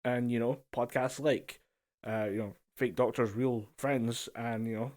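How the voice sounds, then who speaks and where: A man's voice: medium pitch, steady tone, a little slow, darkish tone. A man in a home setup chats easily with his podcast co-host in a mid-range voice. He leans on filler phrases and laughs readily. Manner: easygoing, laughs often, uses filler phrases. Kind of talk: casual chat. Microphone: home mic over a voice call.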